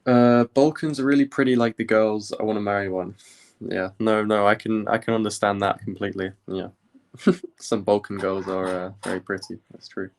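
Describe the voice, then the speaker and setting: A young man from the UK chatting casually on a study live stream, rambling with many pauses and fillers. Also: fairly low pitch, gravelly. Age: young adult. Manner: relaxed, rambling, many ums.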